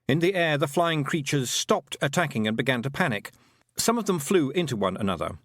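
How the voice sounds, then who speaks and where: A man narrating an audiobook with expressive storytelling. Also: medium pitch, a little fast, dry recording, clean studio sound. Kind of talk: scripted narration.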